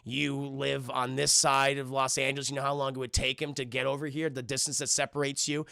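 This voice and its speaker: Man voicing a nervous, nerdy young physicist, low and subdued, with a gravelly edge. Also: level tone, a little fast, no room sound, studio quality. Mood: earnest. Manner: low, hushed, careful explaining. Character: awkward young male physicist, nervous and earnest.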